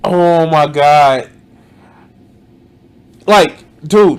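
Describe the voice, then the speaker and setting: A man reacting to a video, cursing in exasperation, trailing off mid-sentence and pausing the clip to comment. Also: on the high side.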